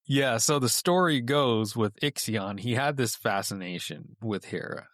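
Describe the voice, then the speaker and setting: A man's voice: medium pitch, unhurried, a bit bright, no room sound, studio quality. A man chatting on a podcast as a guest, telling a myth in a loose, rambling way with lots of fillers. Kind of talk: casual chat.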